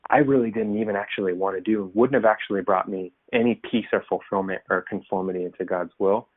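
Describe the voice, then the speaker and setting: A man's voice: lowish voice, steady tone, fast talker, no echo. A man preaching a casual, conversational sermon, loose and self-deprecating, with lots of fillers. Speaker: pastor. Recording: tinny phone-like dry sound.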